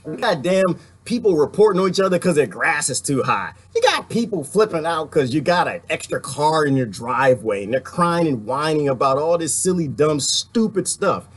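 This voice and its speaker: On his casual political live stream, a middle-aged host talks at normal speed with hardly any pauses, his high-side voice swinging widely in pitch and carrying a breathy edge. He laughs often and mocks others by doing voices.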